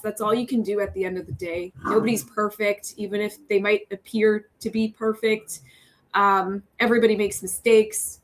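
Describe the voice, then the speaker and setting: A woman's voice: mid-range voice, level tone, normal speed. A young woman, a TV news reporter, talking earnestly as a podcast guest, chatty, with frequent laughs and fillers. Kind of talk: casual interview talk.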